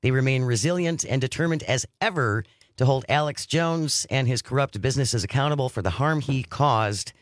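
Guy reading out news on a podcast and chiming in, middle pitch, dry close sound. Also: moderate pace, no room sound. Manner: reads news items aloud with occasional commentary. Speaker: podcast co-host.

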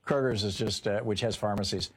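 A man hosting a call-in radio talk show, briskly steering callers along and moving to the next one. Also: on the low side, fairly even intonation, husky.

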